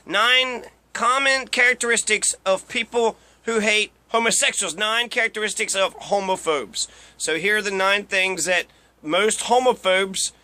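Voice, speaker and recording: A man's voice: sits high, measured pace, pushed and bright, no room sound. A young man giving casual, profane commentary while reading through a list, ranting and mocking. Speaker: video commentator.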